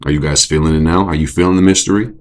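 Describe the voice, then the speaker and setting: A young adult man hosting a casual astrology stream, profane and animated, often jumping into mocking voices. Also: extremely low pitch, racing. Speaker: astrology show host. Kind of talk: casual astrology livestream talk.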